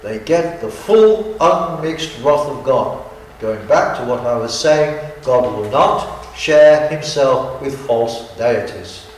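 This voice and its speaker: A man's voice: medium pitch, lively intonation, slow, slight background noise. A man preacher giving a sermon in an earnest, emphatic style that keeps repeating key phrases. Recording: very echoey hall, from far off.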